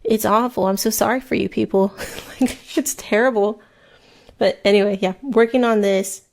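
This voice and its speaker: A woman, hosting a true crime podcast in casual, rambling chat while she crochets, talking fast and swearing freely. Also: mid-range voice, fairly even intonation, creaky. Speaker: podcast host. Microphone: headset mic, then removed.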